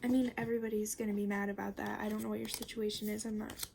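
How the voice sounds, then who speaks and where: A young woman giving a casual tarot reading, chatty and rambling, full of fillers and the odd curse word, sometimes slipping into a soft near-whisper. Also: mid-range voice, little pitch movement, fast talker, vocal fry, background noise. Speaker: tarot reader.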